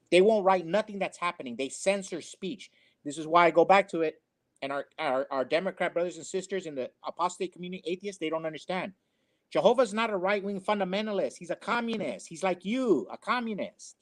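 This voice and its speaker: Man co-host, high-pitched, preachy and emphatic, opinion-show commentary. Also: a little fast. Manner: emphatic, preachy, repeats phrases.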